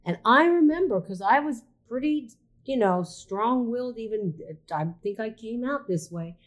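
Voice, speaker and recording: A middle-aged woman, a podcast host and shaman, chatting casually and telling lively stories with lots of restarts. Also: a little high, moderate pace. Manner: animated storyteller, many restarts and quoted voices. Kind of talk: casual chat.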